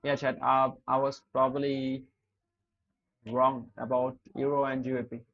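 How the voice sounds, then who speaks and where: A man's voice: medium pitch, flat delivery, unhurried, narrow, tinny audio. A man streaming live trades, smoking a cigarette while talking to his chat in an exasperated, heavily cursing way. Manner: exasperated, heavy cursing, talks to chat as "dude" and "bro".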